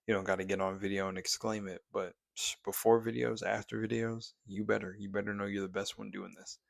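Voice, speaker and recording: Young guy, deep gravelly voice, laid-back motivational rant, swears a lot. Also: little pitch movement, a little fast, no echo, studio quality. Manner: laid-back, swears freely, preachy encouragement. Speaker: spiritual vlogger. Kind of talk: casual motivational monologue.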